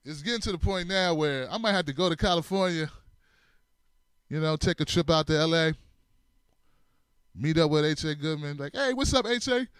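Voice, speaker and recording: A man's voice: a little high, fairly even intonation, moderate pace, long pauses, fairly bright tone, clear, resonant tone, no room sound, studio quality. A man hosting a comedic commentary show, laughing a lot, swearing casually and acting out scenes in different voices. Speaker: show host.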